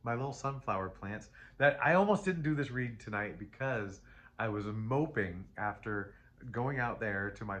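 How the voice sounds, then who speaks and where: A man with a lowish voice talks through a tarot reading in a loose, chatty way. He rambles, stops himself mid-sentence and starts over. He laughs often and sounds emotional as he talks. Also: a bit bright, a little hiss or hum. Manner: rambling and self-interrupting, with frequent restarts. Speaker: tarot reader. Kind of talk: casual spoken tarot reading.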